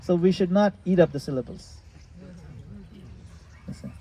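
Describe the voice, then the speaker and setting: A man leading a retreat session, explaining a practice in a relaxed, casual way and sometimes laughing at his own jokes. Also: sits high, moderate pace, poor audio. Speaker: retreat leader answering questions. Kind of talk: casual teaching in a group session. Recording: faint background noise.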